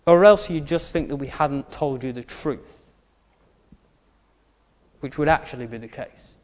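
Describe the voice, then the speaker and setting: A man's voice: medium pitch, measured pace, long reverb tail. A male preacher giving a sermon in an earnest way, stressing his key points and adding wry asides.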